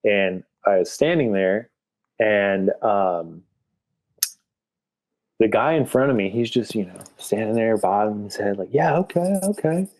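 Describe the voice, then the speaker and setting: A man's voice: lowish voice, a little slow, long pauses, darkish tone. A man telling a story as a podcast guest, rambling casually with lots of filler words. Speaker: podcast guest, graphic artist.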